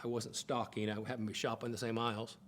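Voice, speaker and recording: A middle-aged man teaching on marriage in a conversational preaching style, stressing points by repeating phrases and jumping in pitch. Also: fast talker. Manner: emphatic, repeats phrases for stress, jumps to high excited pitch. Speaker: Bible teacher.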